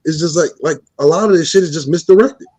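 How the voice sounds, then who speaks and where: A man co-hosting a casual talk who mocks clips in a profane, excitable way. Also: on the high side, fast, husky. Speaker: co-host. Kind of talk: casual commentary.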